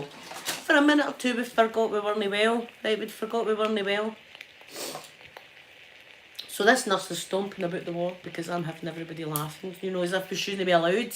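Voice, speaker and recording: A middle-aged woman with a Scottish accent telling a story casually in a chatty, repetitive, animated way. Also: mid-range voice, slight background noise. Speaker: vlogger.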